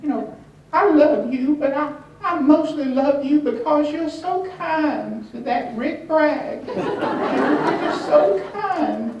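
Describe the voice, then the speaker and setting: A woman's voice: high voice, takes it slowly, a little mellow, lo-fi sound, a faint crowd, a little hiss or hum, pitched above the performer's own voice. A man voicing a sweet, gushing Southern lady fan who giggles as she talks, recorded in an echoey room from far off.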